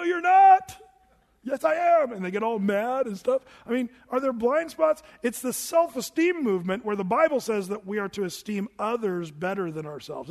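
Animated older male preacher in a reverberant hall. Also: high voice. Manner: conversational preaching, animated, mimics voices for effect. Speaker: pastor. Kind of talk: sermon.

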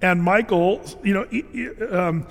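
A man's voice: sits high, measured pace, vocal fry, big-room sound. A man, a pastor, preaching a sermon in a loose conversational way, full of fillers and sudden emphatic rises.

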